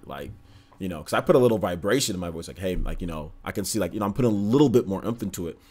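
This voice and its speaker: A young man hosting a livestream, talking calmly and flatly to his chat, with lots of fillers and repeated phrases. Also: racing, slightly rough. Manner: calm, monotone, low-energy delivery. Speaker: livestream host.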